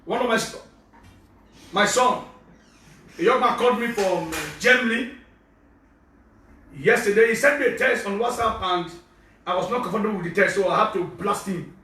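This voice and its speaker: A man with a Nigerian accent preaching a fervent sermon, often shouting as he preaches. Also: high voice, normal speed, pauses often, a little hiss or hum. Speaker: prophet preacher. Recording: very echoey, from far off.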